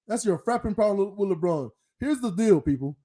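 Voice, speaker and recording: A man with a high yet mellow, dark-toned voice argues in a heated casual debate. He scolds his co-host in mock anger and swaps his curses for a made-up word. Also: expressive, normal speed. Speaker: podcast co-host.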